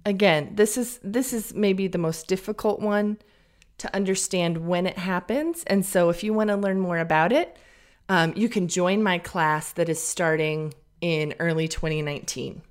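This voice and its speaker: A woman teaching pronunciation on a podcast, slowly modeling vowel sounds and example words for listeners to repeat. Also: fairly low pitch. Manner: slow, careful, drawn-out modeling of vowel sounds.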